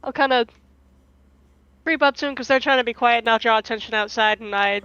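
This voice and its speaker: A woman's voice: a little high, brisk, pushed and bright, clean tone, no echo. A woman playing a tabletop game, chatting casually and giggly, swearing freely. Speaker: player. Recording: dull, dry home mic.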